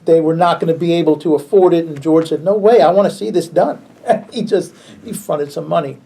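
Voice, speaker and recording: A pastor teaches a church Bible class in a loose, conversational way, breaking into chuckles and circling back over his words. He is a man with a fairly high voice that carries plenty of gravelly fry. His tone stays dark and mellow. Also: fairly quick. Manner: relaxed, chuckles often, frequent restarts.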